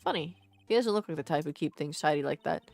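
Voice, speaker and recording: A woman voicing a skeptical young male defense lawyer, read dry and low. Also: animated, quick pace, gravelly, darkish tone, no room sound.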